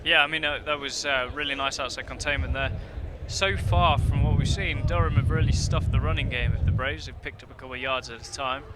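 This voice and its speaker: A British man giving relaxed colour commentary and analysis on a football game, with lots of filler words. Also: mid-range voice, a little fast, few pauses, very noisy. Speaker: color commentator. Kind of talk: live sports commentary.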